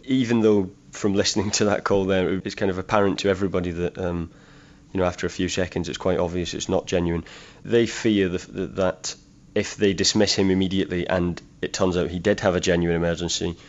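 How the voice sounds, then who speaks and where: Correspondent: man, low and even voice, plain explanatory manner, dull lo-fi sound. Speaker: crime correspondent. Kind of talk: remote news interview.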